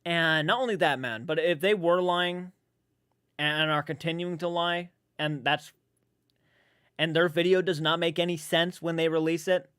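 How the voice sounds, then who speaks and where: A man's voice: fairly high pitch, steady tone, normal speed, a bit bright, clear, resonant tone, no room sound, studio quality. A man chatting casually on a live stream, reading viewers' comments aloud, rambling and swearing freely.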